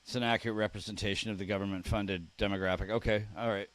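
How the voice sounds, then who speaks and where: Low-voiced man chatting with his stream. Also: fairly even intonation, fast talker, fairly bright tone. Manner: chatty, reacts aloud to chat messages, repeats words while trying them out. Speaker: streamer reading live chat. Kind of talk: casual live-stream chat.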